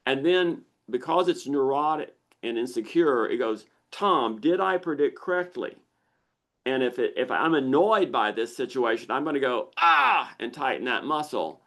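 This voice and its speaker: This is an older man hosting a live question-and-answer session over a video call. His voice sits at a middle pitch and he explains step by step. Now and then he breaks into animated exclamations to act out what the brain is thinking. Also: normal speed, hardly any pauses. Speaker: misophonia researcher hosting a Q&A.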